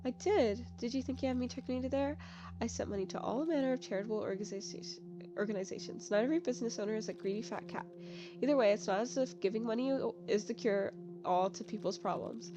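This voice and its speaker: A woman's voice: fairly high pitch, fast, natural voice. A woman voicing a haughty wealthy middle-aged businessman soul in a game, pompous and lecturing, in a slightly dull recording with game music behind.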